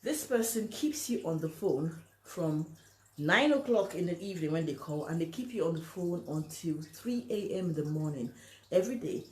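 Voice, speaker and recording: A woman's voice: lowish voice, expressive, moderate pace, a little mellow. Emphatic woman giving relationship advice. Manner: emphatic, acts out quoted lines, asks "you understand?". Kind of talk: talking to camera, giving advice. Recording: echoey room.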